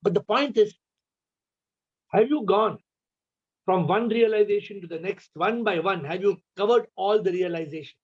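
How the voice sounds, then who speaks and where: A man's voice: sits high, normal speed, long pauses, breathy edge. Indian man teaching over a dull video call. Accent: Indian English. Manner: asks the audience repeated questions. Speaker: spiritual teacher. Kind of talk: spiritual talk on a video call.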